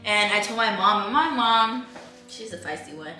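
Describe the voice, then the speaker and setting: A woman's voice: medium pitch, moderate pace, recorded from a distance. A young woman casually telling a story on a vlog, acting out scenes and sometimes searching for words. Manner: lively, acts out scenes, hunts for words. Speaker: vlogger. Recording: echoey room, voice off-mic, faint music.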